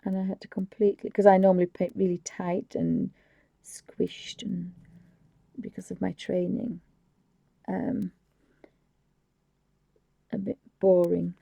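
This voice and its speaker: A woman's voice: on the low side, level tone, unhurried, creaky, pauses often, dark tone, dry recording. A woman hosting a live painting tutorial, chatting casually and often dropping to a whisper, with rambling, apologetic asides at her home desk. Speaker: craft channel host.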